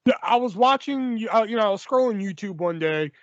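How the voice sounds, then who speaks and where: This podcast host has a high, expressive male voice and speaks a little fast. The audio is dull but has no echo. He chats loosely and swears freely while reading listener questions on his casual show.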